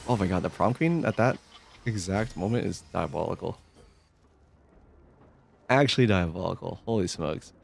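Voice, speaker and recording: A man streaming live and reacting to his game in quick, exclamatory bursts, often scolding himself. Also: sits low, animated, vocal fry, slight background noise. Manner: reactive, exclamatory, self-critical. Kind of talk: live gameplay commentary.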